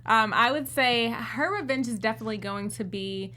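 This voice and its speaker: A woman co-hosting a TV recap show in casual chat, animated and acting out what she would say. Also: on the high side, moderate pace. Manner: animated, acts out what she'd say. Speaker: co-host.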